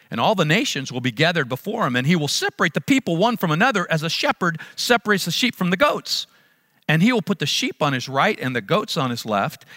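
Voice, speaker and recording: A man's voice: on the high side, sharp tone, no echo, clean studio sound. A middle-aged man preaching a sermon as pastor, emphatic and repeating key phrases for stress.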